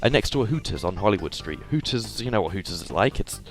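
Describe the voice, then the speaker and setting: Fairly low-voiced Englishman narrating photos. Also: expressive, fast talker, soft background music. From England. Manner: chatty, hesitant, lots of fillers. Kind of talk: casual voice-over commentary.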